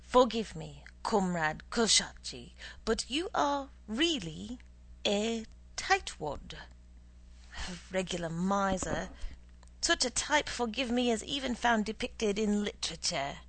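A woman's voice: fairly high pitch, animated, slow, fairly bright tone, full character voice. Woman playing a pompous blustering Soviet boss. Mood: scolding. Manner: indignant, lecturing, theatrical.

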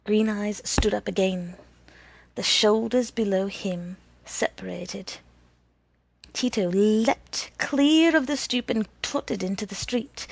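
A woman narrating a story in a measured, deliberate reading with a husky voice. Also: medium pitch.

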